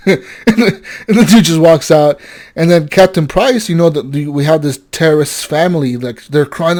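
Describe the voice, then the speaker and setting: A young man co-hosting a gaming podcast, telling a story with animated energy, swearing and acting out the characters' lines. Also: a little high, a little fast. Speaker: podcast co-host. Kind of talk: casual gaming chat.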